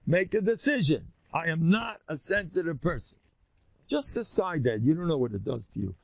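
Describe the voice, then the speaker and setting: Gravelly, animated older rabbi lecturing. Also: male voice, moderate pace, dry recording. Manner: animated, jumps high in pitch when mimicking.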